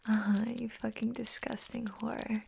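A woman's voice: fairly high pitch, flat delivery, vocal fry, a little mellow, husky, exaggerated voice. A woman playing a scornful, domineering young woman in a whispered role-play, harsh and mocking. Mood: taunting. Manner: harsh, mocking, profane, slow taunting.

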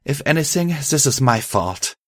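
A man's voice: medium pitch, big pitch swings, normal speed, fairly bright tone, no room sound, studio quality, voice pushed up. Man doing a fretful pony mare nurse, raised voice, anxious, emotional, audiobook. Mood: apologetic. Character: kindly stressed mare, town nurse and mayor.

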